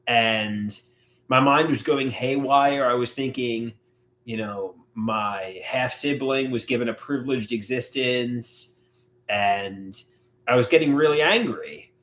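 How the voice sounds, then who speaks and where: A man hosting a live solo stream, talking in a halting, reflective way with many filler words. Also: medium pitch, fairly bright tone. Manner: halting, reflective, frequent "you know" fillers. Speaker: livestream host. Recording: echoey room.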